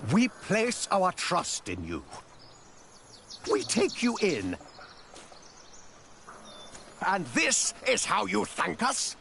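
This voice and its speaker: An actor playing a stern, indignant male sub-prior of a priory in a game, with a gravelly, breathy scolding voice. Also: sits high, wildly swooping pitch, takes it slowly, a bit bright, a little hiss or hum, heavily acted. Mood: reproachful. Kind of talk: game voice acting.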